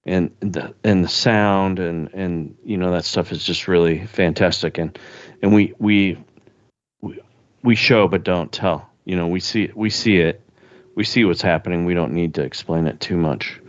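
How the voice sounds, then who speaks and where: A man co-hosting a podcast, chatting about films in a halting way full of restarts and fillers. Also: sits low. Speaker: podcast co-host. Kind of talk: casual film discussion. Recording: dull lo-fi audio.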